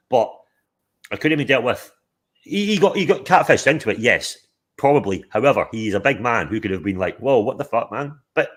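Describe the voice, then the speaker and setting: A man's voice: medium pitch, a bit bright. A man hosting a livestream, chatting casually in a rambling, sweary way. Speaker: livestream host. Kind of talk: casual chat.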